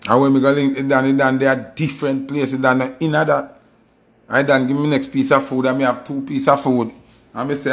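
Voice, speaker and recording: A man with a Jamaican Patois accent, telling stories in a casual monologue and acting out quoted voices with sudden high jumps. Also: level tone, normal speed. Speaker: commentator.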